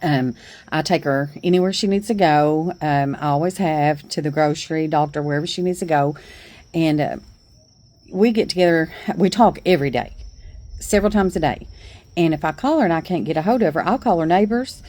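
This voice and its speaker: Woman, middle-aged, porch storytelling, chatty, folksy, warm tone, low pitch. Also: fairly quick. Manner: chatty, folksy, laughs while telling. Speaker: vlogger. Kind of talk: casual storytelling.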